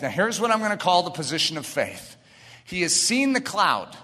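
A man preaching a sermon with mounting passion, often rising to shouts. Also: high-pitched, very animated, normal speed. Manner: impassioned preaching, building to shouts. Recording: reverberant hall.

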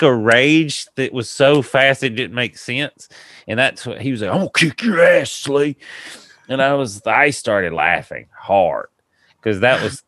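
A man's voice: mid-range voice, dry recording. A man hosting a podcast, telling a long funny story in a rambling way, laughing and acting out the people in it. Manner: rambling, laughing, animated retelling with quoted voices. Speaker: podcast host. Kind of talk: casual storytelling chat.

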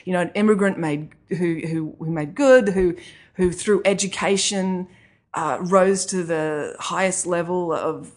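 A woman's voice: fairly low pitch, a little slow. Chatty, laughing woman author. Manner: chatty, laughs often, self-deprecating. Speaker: children's author and comedy writer. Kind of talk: interview conversation.

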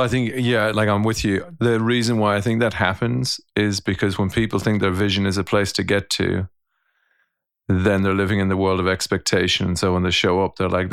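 A man with a low, gravelly voice speaks in a casual, thoughtful podcast chat. He circles back on his words and restarts sentences as he works through an idea. The sound is close and dry. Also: dry recording. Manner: thoughtful, storytelling, frequent restarts. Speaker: podcast co-host. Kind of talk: casual reflective conversation.

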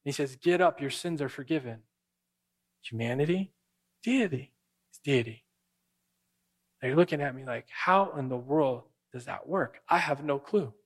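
A man's voice: on the high side, fairly bright tone. A man preaching a sermon, asking the congregation questions and answering them himself. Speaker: pastor.

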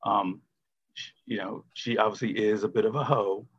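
Male co-host, sarcastic movie chat, husky voice, dull lo-fi recording. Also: fairly low pitch, fairly even intonation, moderate pace. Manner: sarcastic, acts out quotes. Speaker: podcast co-host. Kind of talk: casual movie review chat.

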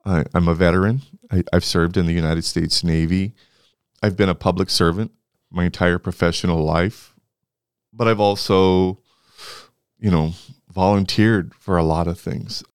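Middle-aged guy from california, smooth clear voice, dry close sound, lots of restarts and fillers as he reminisces. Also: low-pitched, fairly even intonation, dry recording. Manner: halting, with frequent restarts and fillers. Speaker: university leader being interviewed. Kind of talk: reflective storytelling.

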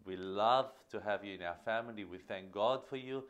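A man's voice: lowish voice, moderate pace, highs cut off. A man hosting a podcast, giving an earnest teaching monologue on parenting and stressing key phrases by repeating them. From Australia. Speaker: podcast host.

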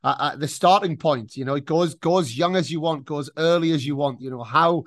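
A man's voice: fairly high pitch, normal speed, no room sound, studio quality. A man hosting a podcast interview, asking loose questions and often repeating words as he goes. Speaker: podcast host. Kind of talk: casual interview talk.

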